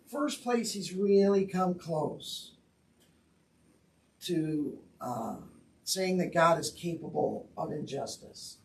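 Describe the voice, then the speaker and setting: A man's voice: on the high side, animated, takes it slowly, gravelly, far from the mic, poor audio. A man teaching on scripture in an earnest, conversational way with wry asides. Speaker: Bible teacher. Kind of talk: Bible teaching talk.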